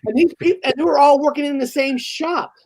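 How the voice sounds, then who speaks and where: A woman's voice: sits high, fast talker, a little mellow. A woman co-hosting a casual chat, reading out viewer comments and telling stories in a conversational way. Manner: conversational storytelling.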